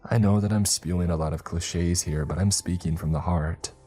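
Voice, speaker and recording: A man narrating a first-person horror story in a slow, measured way. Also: sits low, steady tone, mellow. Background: faint music.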